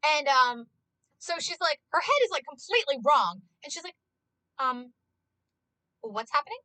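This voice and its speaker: A passionate woman ranting on a live stream, full of swearing and "like". Her voice sits high and bright and swoops about with big energy, with a dry sound. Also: moderate pace, no room sound, rough recording. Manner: excitable, swears a lot, heavy use of "like". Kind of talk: casual live-stream chat.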